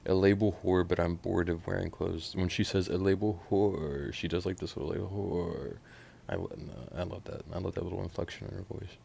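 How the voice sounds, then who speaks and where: A very low, gravelly male voice with lots of fry talks through a new album track by track. He is from Oklahoma, swears freely, and jumps between quiet mumbling asides and sudden loud excited outbursts. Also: fast, slight background noise. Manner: animated, profane, swings from mumbling to loud outbursts. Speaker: music reaction host. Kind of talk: casual album reaction.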